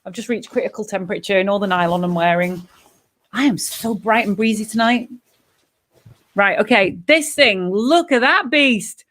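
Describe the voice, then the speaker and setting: A British woman hosting a live stream, chatty and jokey, a bit hoarse from yodeling. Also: mid-range voice, normal speed, fairly bright tone. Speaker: host.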